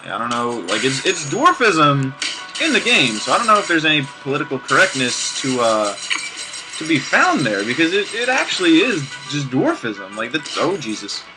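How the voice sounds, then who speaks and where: A man's voice: a little high, huge pitch swings, normal speed, rough recording. A man casually commenting on a video game he plays, rambling off-topic with restarts and sarcastic asides. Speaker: let's play gamer. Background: game music.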